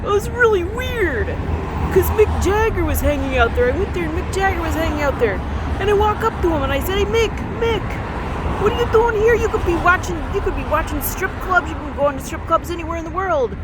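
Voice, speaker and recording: A woman putting on the voice of a brash, excitable male friend with a Boston accent, telling a story eagerly. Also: extremely high pitch, a little fast, a loud crowd, voice pushed up. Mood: excited. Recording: loud street traffic noise.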